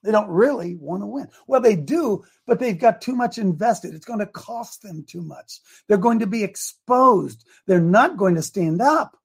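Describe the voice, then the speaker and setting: Raspy, fiery talk show host. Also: male voice, sits high, expressive, normal speed, hardly any pauses. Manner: fiery preacher-like delivery, folksy slang.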